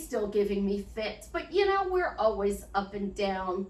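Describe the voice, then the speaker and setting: A woman's voice: medium pitch, unhurried. Chatty woman life coach, echoey room. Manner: chatty, animated, upbeat self-promoting. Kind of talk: unedited casual vlog. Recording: echoey room, distant mic.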